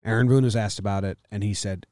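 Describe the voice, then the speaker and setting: A man's voice: lowish voice, steady tone, fast talker, mellow, no echo. A man co-hosting a casual sports podcast, dry and sarcastic, repeating jokes and doing ad reads. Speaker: podcast co-host.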